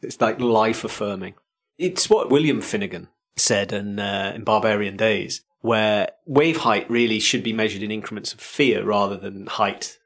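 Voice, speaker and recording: A man's voice: on the low side, normal speed, fairly bright tone. A man co-hosting a casual podcast, talking in a reflective way with a dry, wry humour. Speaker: podcast co-host. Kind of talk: casual chat.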